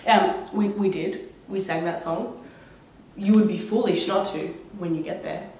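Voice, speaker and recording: A young Australian woman with a cold, telling travel stories in an animated, laughing vlog chat. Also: fairly low pitch, normal speed, slight background noise. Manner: enthusiastic, animated, laughing retellings with put-on quotes. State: has a cold. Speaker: vlogger. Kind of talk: casual chatty storytelling. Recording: very echoey room, mic at a distance.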